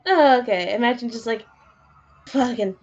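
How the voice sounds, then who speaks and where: A woman's voice: fairly high pitch, normal speed, a little mellow, highs cut off. A woman player in a tabletop game, joking and swearing casually through the session. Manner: profane, joking banter.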